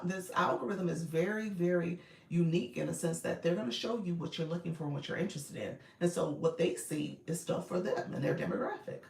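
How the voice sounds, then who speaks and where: A woman's voice: lowish voice, creaky, roomy sound. A woman in her forties coaching on a livestream, chatty and direct, often breaking into laughter. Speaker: live-streaming coach. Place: inside a car.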